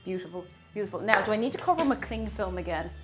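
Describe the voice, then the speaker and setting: Over music, a woman with a mid-range voice talks at a quick pace while baking in her home kitchen. She chats casually with her stream, reads messages aloud and lets out bursts of excited whoops.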